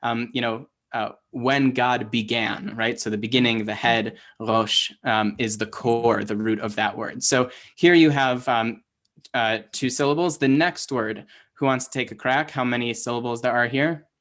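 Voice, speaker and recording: A man's voice: mid-range voice, fairly even intonation, normal speed, fairly bright tone. A man teaching an online class, explaining step by step, quizzing his learners and using many fillers. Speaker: Hebrew teacher.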